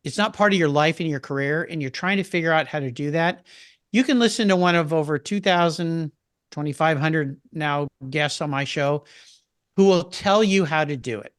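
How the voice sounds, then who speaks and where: A man's voice: on the high side, normal speed, clear, resonant tone, dry recording, clean studio sound. An older man chatting as a podcast guest, telling stories with enthusiasm. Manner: enthusiastic, storytelling. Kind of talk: casual interview chat.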